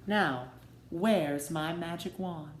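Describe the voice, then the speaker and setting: A man voicing a small, kindly, absent-minded fairy godmother with a gentle singsong manner, in a roomy echo. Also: fairly high pitch, slow, slight background noise.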